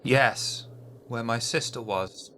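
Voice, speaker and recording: A man voicing a young street boy who talks eagerly in rough, chatty street grammar. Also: medium pitch, slow pace, sharp tone, slight background noise.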